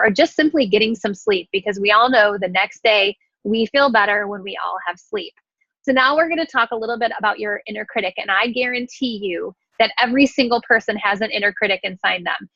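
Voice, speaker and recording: A woman leading her sales team in an energetic, frank motivational talk, with a casual swear here and there. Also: on the high side, no echo. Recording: dry, slightly dull recording.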